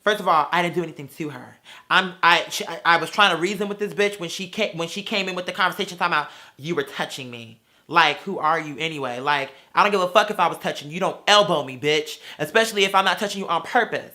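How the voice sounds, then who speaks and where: Fast and high-pitched, this man's bright, strained voice drives a foul-mouthed rant about a stranger for his vlog. A father with a brash, sassy streak, he swears nonstop, addresses people as "girl," and acts out mocking impressions with exaggerated flair.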